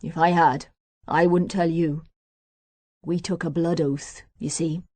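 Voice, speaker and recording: Woman putting on a gruff proud old veteran. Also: sits low, level tone, takes it slowly, darkish tone, no echo.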